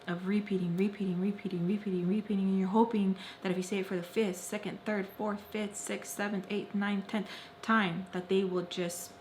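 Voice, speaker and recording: A young woman vlogger telling a personal story, repeating phrases intensely and swinging between loud and soft. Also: mid-range voice, slight background noise. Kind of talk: emotional story-time narration.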